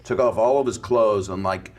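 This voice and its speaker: A man's voice: on the low side, normal speed, a little mellow. A man, a comedian, telling a rambling anecdote in casual podcast chat.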